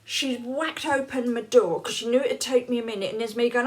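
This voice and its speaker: An English woman in her late fifties vlogs, chatting casually to camera and telling stories, laughing often and acting out quoted lines. She's unwell, feeling hot and cold. Her voice is a little high and steady, brisk with few pauses.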